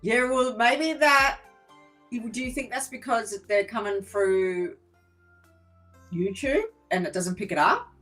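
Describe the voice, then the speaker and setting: An Australian woman co-hosts a live tarot stream in a relaxed, friendly way. She speaks in short remarks and warmly invites viewers to return. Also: a little high, slow pace, soft background music. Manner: friendly, brief interjections, invites viewers to subscribe. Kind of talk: casual live-stream chat.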